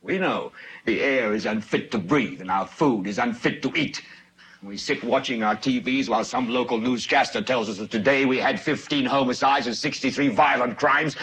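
An actor playing a furious male TV newscaster ranting on air in a film scene, building from quiet brooding to shouting. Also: mid-range voice, a little hiss or hum, close to an everyday voice, rough recording. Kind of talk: film monologue.

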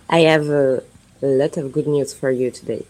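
A woman from France speaks in a slow, hypnotic, repetitive way, as if performing live on radio. Her voice is slightly low and mellow, never hurried. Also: rough recording. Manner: slow, repetitive, incantatory phrasing. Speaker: performance artist.

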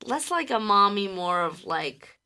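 A woman co-hosting a podcast in casual chat, rambling and quick to laugh, with some casual swearing. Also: medium pitch, sing-song, bright, forceful tone, clear, resonant tone. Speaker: podcast co-host.

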